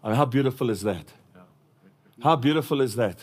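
A man's voice: mid-range voice, fairly quick. South African man preaching a sermon. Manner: lively storytelling with laughter.

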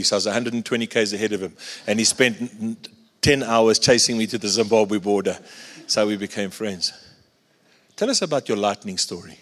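Male pastor, mid-pitched, fervent sermon delivery, long hall reverb. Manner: passionate, swings from loud exclamations to soft asides.

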